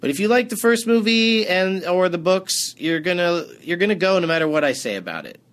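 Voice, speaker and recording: A man's voice: sits high, animated, brisk, a bit bright. A man hosting a casual movie review, dry and sarcastic in tone. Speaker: movie review podcast host.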